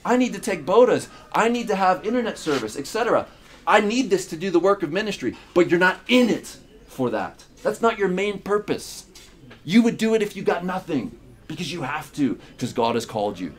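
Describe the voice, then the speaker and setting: A man's voice: high voice, big pitch swings, a little fast, slight background noise. A man preaching a sermon as pastor, emphatic, with repeated phrases and rhetorical questions. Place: church in Uganda.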